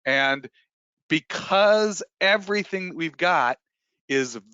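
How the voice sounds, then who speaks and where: A man presenting a live trading webinar in a bright, forceful voice, chatty and emphatic, with plenty of filler words and restarts. The sound is dry and a little dull, like a webinar mic. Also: fairly high pitch, expressive, slow pace, clear, resonant tone, no room sound.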